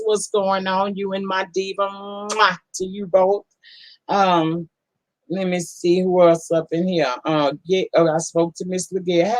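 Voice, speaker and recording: A woman's voice: on the low side, level tone, measured pace, no echo, rough recording. A woman hosting a casual live-stream, greeting viewers one by one in a folksy, affectionate way. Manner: folksy, affectionate, calls people honey and baby. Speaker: livestream host.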